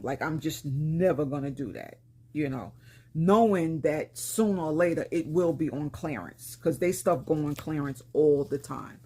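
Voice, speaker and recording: In an unhurried, low-pitched voice that's a little mellow but rough and slightly raspy, a Brooklyn woman in her fifties talks to viewers about a shopping haul. The lifestyle vlogger keeps it casual and plain-spoken, with a Brooklyn accent and plenty of slang.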